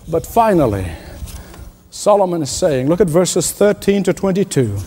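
A man's voice: high voice, warm tone, big-room sound. A man preaching a sermon as pastor, emphatic, repeating key lines and chuckling at his own stories.

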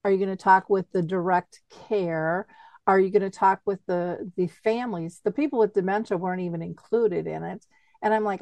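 A woman hosting an interview, talking in an animated, chatty way and laughing easily. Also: mid-range voice, moderate pace, no room sound. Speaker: host. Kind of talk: interview conversation.

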